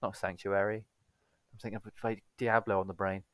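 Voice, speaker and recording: A man's voice: on the low side, level tone, moderate pace, dry recording. A man co-hosting a gaming podcast in casual chat, laid-back and rambling, often correcting himself mid-sentence. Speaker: podcast co-host.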